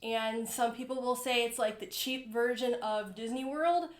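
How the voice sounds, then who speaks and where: A woman's voice: fairly high pitch, normal speed, echoey room. A woman co-hosting a casual chat, enthusiastic and rambling with many "like"s. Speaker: co-host.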